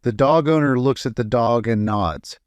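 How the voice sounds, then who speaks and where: A man's voice: mid-range voice, moderate pace, clear, resonant tone, no room sound. A man in a middle register reads through a string of jokes aloud. His delivery is loose and casual, with small slips and fillers along the way. The sound is dry and close, with no room around it. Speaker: joke reader.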